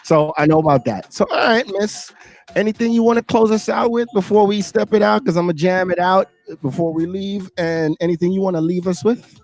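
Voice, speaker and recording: Brief: teasing male host, slightly high voice, slangy banter, faint music under. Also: a little fast, darkish tone. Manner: playful, teasing, laughs a lot, slangy. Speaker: radio show host. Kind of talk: casual radio interview banter.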